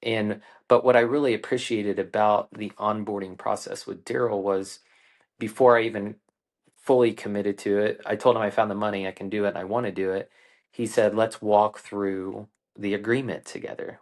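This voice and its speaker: Earnest low-voiced man telling a story. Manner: earnest, unhurried, frequent ums and restarts. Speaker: guest, coach. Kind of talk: reflective conversational storytelling.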